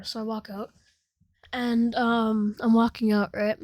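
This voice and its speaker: A woman's voice: mid-range voice, level tone, fast, darkish tone, dry recording. Rambling teen girl telling a story. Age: teens. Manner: rambling, filler-heavy, giggly storytelling. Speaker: storytime vlogger. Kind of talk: casual story time.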